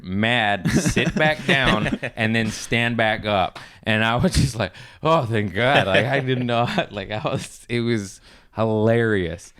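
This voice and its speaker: A young adult man in casual conversation, telling a comedy story with a low, clean, resonant voice. He talks loosely, swears, and mimics the people in his story. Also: clean tone. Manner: animated storyteller who acts out others in high squeaky voices, swears often. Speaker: comedian, podcast guest.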